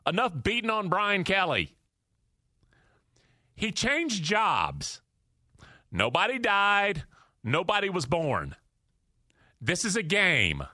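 Animated, bright-voiced man ranting. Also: high voice, slow, pauses often, dry recording, studio quality. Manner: emphatic, preachy repetition. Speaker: sports talk show host. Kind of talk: animated opinion rant.

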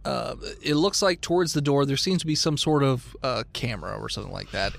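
A man's voice: mid-range voice, fast, gravelly, hardly any pauses. A man running a tabletop game as game master, narrating scenes descriptively with playful asides.

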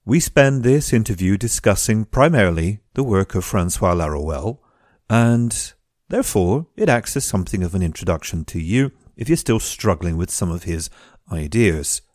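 A man with a fairly low voice hosts his podcast and introduces the episode, dropping wry jokes along the way. The sound is dry and close, with no room echo. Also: expressive, normal speed, a little mellow. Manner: wry, jokey asides. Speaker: podcast host.

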